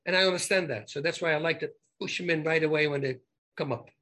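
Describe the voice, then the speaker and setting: A man telling stories in casual conversation, animated, and often repeating words and restarting his sentences. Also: a little high, fast talker. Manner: animated, acts out both sides of conversations.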